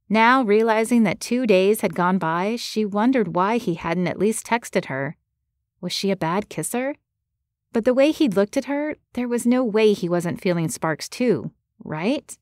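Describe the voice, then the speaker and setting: A woman giving scripted narration of a romance audiobook in a measured, gentle way. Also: mid-range voice, no echo, clean studio sound.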